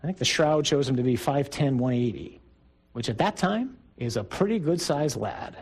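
Husky-voiced priest preaching to men. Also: male voice, mid-range voice, animated, moderate pace, rough recording. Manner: conversational and emphatic, with rising bursts. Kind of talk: sermon talk to a men's group.

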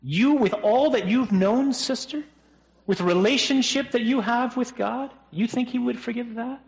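A priest voicing the devil as a scornful accuser, in a mocking, needling tone. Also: male voice, very high voice, moderate pace, vocal fry, darkish tone, voice pushed up. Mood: taunting.

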